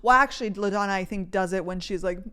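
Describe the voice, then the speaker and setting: A woman's voice: medium pitch, quick pace, a bit bright, clear, resonant tone. A woman in her twenties hosting a podcast, chatting through rambling stories and saying "like" constantly. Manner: chatty storytelling, heavy use of "like". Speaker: podcast host. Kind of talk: casual chat.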